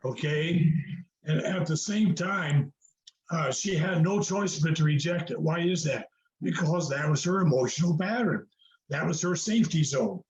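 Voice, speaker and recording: Unhurried and on the high side, this older man's voice comes through the roomy, muffled sound of a video call where he's a guest. His conversational storytelling is earnest and preacherly, full of fillers and repeated phrases.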